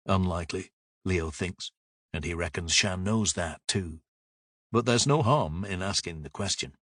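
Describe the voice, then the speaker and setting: Low-voiced man narrating, dry sound. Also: unhurried, fairly bright tone, dry recording. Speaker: audiobook narrator. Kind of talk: scripted narration.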